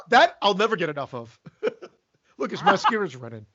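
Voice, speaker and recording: A man co-hosting a podcast, teasing the others and laughing loudly. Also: sits high, huge pitch swings, moderate pace, lo-fi sound. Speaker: podcast co-host. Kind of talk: crude casual banter.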